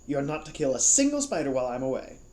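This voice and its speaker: A man's voice: mid-range voice, sing-song, quick pace, dark tone, reverberant, natural voice. A man voicing a vain, theatrical young male wizard in a storybook reading, haughty and indignant.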